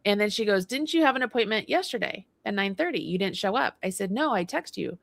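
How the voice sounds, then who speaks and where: A woman's voice: medium pitch, lively intonation, quick pace, gravelly. A woman co-hosting a casual livestream chat, animatedly telling a story and acting out both sides of it. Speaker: co-host. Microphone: livestream mic.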